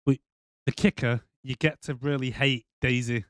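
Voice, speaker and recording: A man's voice: mid-range voice, steady tone, moderate pace, dry recording, studio quality. A man co-hosting a podcast, ranting in casual, profane chat and slipping into mock voices. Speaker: podcast co-host.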